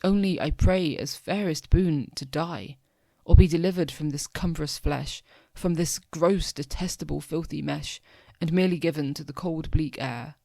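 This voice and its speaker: A man's voice: on the high side, normal speed, vocal fry, warm tone, no room sound. A young man reading the part of an enchanted elephant who was once a king, pleading in solemn verse.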